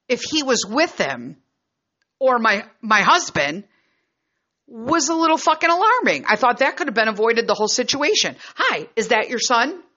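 A woman's voice: on the high side, pushed and bright, muffled recording. A middle-aged woman and mother telling a personal story in a frank, heated and profane way. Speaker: vlogger and mother. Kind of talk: casual storytelling.

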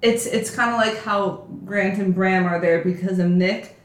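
A young woman co-hosting a casual film chat, jumping into quick acted-out quotes of the characters. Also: mid-range voice, steady tone. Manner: acts out characters' lines in quick bursts. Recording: echoey room.

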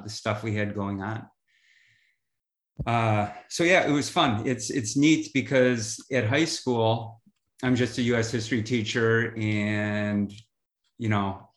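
A man who teaches high school history and coaches, talking in a relaxed, rambling way as a podcast guest. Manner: relaxed, rambling, many fillers. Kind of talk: casual interview chat. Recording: roomy echo.

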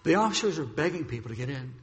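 A man's voice: on the high side, sing-song, rapid-fire, in a large hall. A man preaching a sermon, telling a dramatic story and acting out what the characters say. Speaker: pastor.

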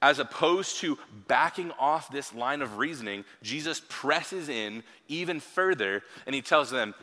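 Male pastor, sermon, casual and chatty, crisp bright tone, long hall reverb. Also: medium pitch, expressive, unhurried, hardly any pauses. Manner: conversational, with frequent rhetorical "right?" asides. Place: church hall.

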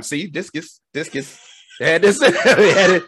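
A man co-hosting a podcast, telling stories in an animated, slangy, casual way. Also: a little high, moderate pace, slight background noise. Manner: animated storytelling with slangy asides. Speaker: podcast co-host.

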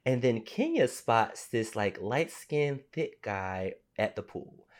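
A man's voice: medium pitch, lively intonation, takes it slowly. A man co-hosting a podcast, recapping reality TV in a sassy, dramatic way and calling everyone honey. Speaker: podcast co-host. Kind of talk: casual reality-TV recap chat.

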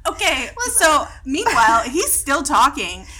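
Lively, high, bright-voiced woman guest. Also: unhurried. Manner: animated, laughing storyteller. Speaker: podcast guest. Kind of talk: casual podcast chat.

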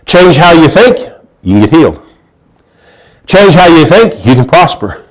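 A male pastor delivers a sermon in a folksy, storytelling style, alternating loud emphasis with hushed asides and frequently restarting sentences. His voice is medium-pitched and very animated, at a normal speed.

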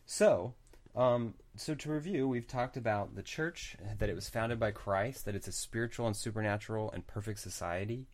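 A man with a very low voice co-hosts a casual podcast, laying out points one after another. The sound is close and dry, with no room echo. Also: normal speed, hardly any pauses. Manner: explanatory, recapping points in a steady list. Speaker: podcast co-host. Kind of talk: casual chat.

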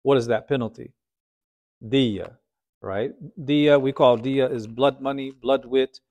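A man's voice: medium pitch, mellow. A man teaching Islamic history as a conversational storytelling lecture, often asking his listeners rhetorical questions.

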